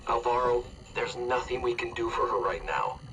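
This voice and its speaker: A man playing a gruff, impatient male survivor who leads the group. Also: mid-range voice, moderate pace, fairly bright tone, far from the mic, a little hiss or hum, natural voice, poor audio.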